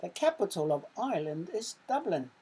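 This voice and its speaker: Casting: English woman, primary teacher, low husky voice, unhurried quiz reading with punchy sound words. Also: sing-song, warm tone, low-quality recording. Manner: slow, careful quiz reading with sound-effect emphasis. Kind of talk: recorded online lesson.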